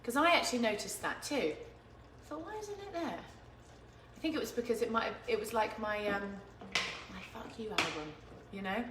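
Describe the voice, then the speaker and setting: A woman's voice: medium pitch, moderate pace. A woman hosting a home cooking stream, chatting in an easygoing, giggly way while she cooks. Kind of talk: casual chat while cooking. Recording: echoey room with faint noise.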